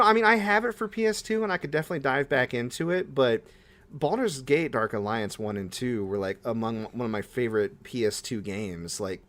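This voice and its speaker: A young man co-hosting a casual podcast, talking in an excitable, gushing way that jumps into high-pitched bursts. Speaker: podcast co-host. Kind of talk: casual chat.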